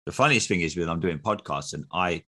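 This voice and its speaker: English guy with a really deep voice chatting football on a podcast, rambly, lots of you know. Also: animated, fairly quick, sharp tone, slight background noise. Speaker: podcast co-host. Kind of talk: casual sports podcast chat.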